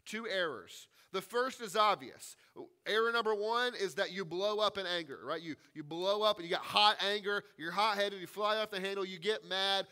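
Male pastor preaching; high, bright voice, emphatic delivery, repeats lines for weight. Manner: emphatic, repeats key phrases for stress. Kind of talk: sermon.

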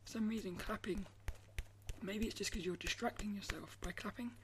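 A woman artist talking casually to camera, soft-spoken and often dropping into a breathy half-whisper, rambling and restarting her phrases. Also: mid-range voice, moderate pace, noisy background. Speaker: artist vlogger.

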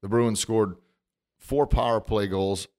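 Animated, emotional middle-aged podcast host. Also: male voice, on the low side, takes it slowly. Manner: emotional, animated, laughs at himself. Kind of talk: motivational podcast monologue. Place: recording studio. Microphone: studio microphone, standing.

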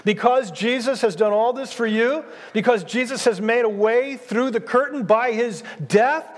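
High-voiced preaching man in a reverberant hall. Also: normal speed. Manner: emphatic preaching, repeats key phrases. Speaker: pastor. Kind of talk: sermon.

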